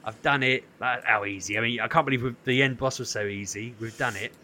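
A man's voice: medium pitch, fast talker, a little hiss or hum. A man, co-hosting a podcast and telling a long story with lots of acted-out quotes. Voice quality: animated, acts out quoted voices. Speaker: podcast co-host. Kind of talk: casual storytelling.

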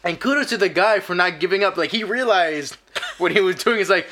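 A man's voice: fairly high pitch, animated, fairly quick, bright, forceful tone. A man hosting a podcast in casual chat, musing through tangents and chuckling along. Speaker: podcast host.

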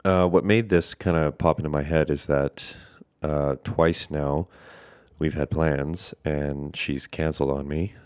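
A man's voice: rumbling low, fairly even intonation, unhurried, darkish tone, clear, resonant tone, no echo. A man hosting a casual podcast, rambling and hesitant with many fillers, congested and tired, breathing through his mouth. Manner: rambling, hesitant, lots of fillers, self-deprecating. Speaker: podcast host.

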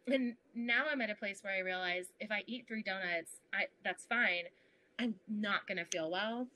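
A woman's voice: mid-range voice, moderate pace, low-quality recording. A young woman guest on a podcast, chatting casually and acting out her inner voices with frequent laughs. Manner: animated, acts out inner voices, laughs often. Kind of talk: casual interview chat.

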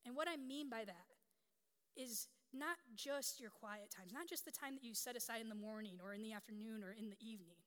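A woman's voice: fairly high pitch, fairly quick, a bit bright. Candid woman pastor in echoing hall. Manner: candid, conversational storytelling. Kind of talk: sermon. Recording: long hall reverb.

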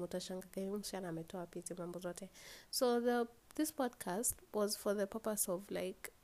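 A woman's voice: mid-range voice, darkish tone. A tired young woman with a Kenyan accent hosts a casual solo podcast, rambling, yawning and swearing freely as she switches between English and Swahili. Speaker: podcast host.

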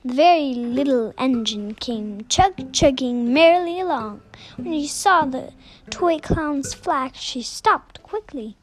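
A woman reading a children's picture book aloud, slow and expressive. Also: sits high. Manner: slow, expressive, sing-song. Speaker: storybook reader.

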